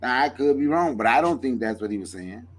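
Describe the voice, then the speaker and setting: A man co-hosting a talk radio show, halting and stumbling over his words as he disagrees. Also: mid-range voice, animated. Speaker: radio co-host.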